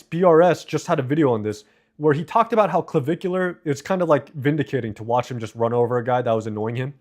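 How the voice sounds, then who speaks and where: A man live streaming, reading and answering viewer comments in a casual, profane, rambling way. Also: fairly high pitch. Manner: profane, rambling, quick asides.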